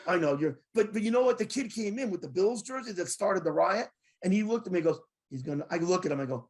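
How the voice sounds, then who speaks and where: A middle-aged man co-hosting a sports talk show, telling excited stories and swinging from loud outbursts to low voices when quoting people. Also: fast. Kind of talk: excited storytelling in casual sports chat.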